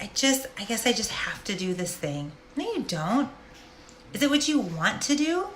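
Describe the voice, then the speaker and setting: A woman's voice: a little high, sharp tone, slight background noise. A woman, a life coach, speaking directly and animatedly in a casual faith-based monologue. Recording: roomy echo.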